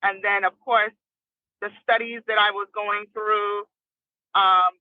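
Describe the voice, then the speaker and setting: A woman's voice: mid-range voice, flat delivery, slow, dry recording. Chatty woman guest on a tinny phone line. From New Jersey. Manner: chatty, laughs often between stories. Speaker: guest, recording artist. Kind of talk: casual storytelling interview.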